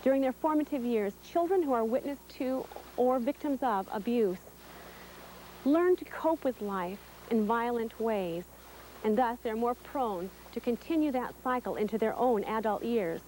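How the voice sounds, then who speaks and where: Measured woman documentary narrator. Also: on the high side, slight background noise, rough recording. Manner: measured, even delivery. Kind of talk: scripted narration.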